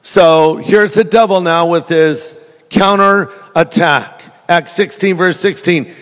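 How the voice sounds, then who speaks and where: Jokey storytelling preacher in a hall. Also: male voice, sits high, takes it slowly, a bit bright. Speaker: pastor. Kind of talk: sermon. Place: church.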